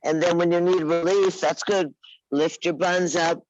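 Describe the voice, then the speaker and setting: A woman teaching a live yoga class, giving unhurried, coaxing cues and teasing her students by name. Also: on the low side, fairly even intonation, a little mellow, no echo, muffled recording. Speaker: yoga instructor.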